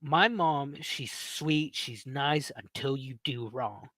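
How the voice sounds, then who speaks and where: Bright, dry-voiced man telling a story. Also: medium pitch, takes it slowly, no echo. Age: 30s. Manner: animated, swears freely, laughs often. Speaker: podcast host. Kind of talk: casual storytelling.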